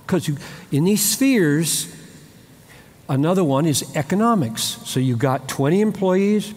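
A man preaching with a lively, swooping delivery, his voice fairly high for a man. He acts out brief dialogues in shifting voices as he makes his points. The sound carries a long hall reverb. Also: measured pace. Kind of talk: sermon.

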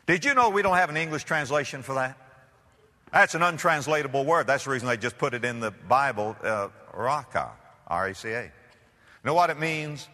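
In a church, a male pastor preaches a sermon with emphatic, dramatic delivery and repeated phrases. His mid-range voice has a sharp tone, and the recording carries the reverb of a large hall.

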